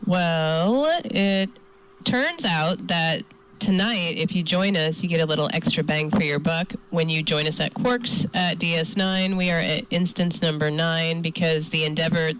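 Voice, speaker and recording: A woman co-hosting a podcast in casual chat, talkative and quick to laugh. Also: low voice, background noise. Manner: chatty, laughs often. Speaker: co-host.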